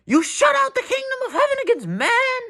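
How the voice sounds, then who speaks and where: A cracking, high-pitched fiery Jesus. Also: male voice, wildly swooping pitch, gravelly, bright, forceful tone, exaggerated voice. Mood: thundering. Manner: dramatic, drawn-out declaiming. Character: movie-style Jesus denouncing Pharisees, bold, fiery man.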